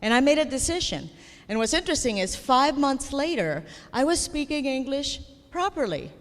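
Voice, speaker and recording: A woman's voice: high voice, sing-song, normal speed. Woman, comedic keynote speaker, storytelling, self-deprecating, live in a hall with long reverb. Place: large hall before an audience.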